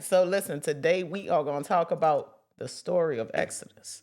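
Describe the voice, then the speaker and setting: A woman's voice: low voice, moderate pace, hardly any pauses, a little mellow. A woman hosting a casual spiritual talk for her viewers, chatty and emphatic, with profanity and sudden whoops. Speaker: host.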